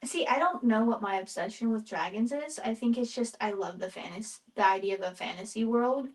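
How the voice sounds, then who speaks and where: A woman's voice: a little high, a little fast, poor audio. A young woman co-hosting a podcast in casual chat, easygoing and hesitant, laughing often. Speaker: podcast co-host.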